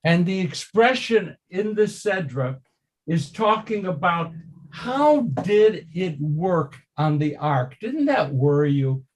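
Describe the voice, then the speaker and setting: Older male rabbi, high-pitched voice, slow deliberate teaching, quizzes the class. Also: sing-song. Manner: slow, emphatic, rhetorical questions to the class. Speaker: rabbi teaching Torah study. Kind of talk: informal Torah study class.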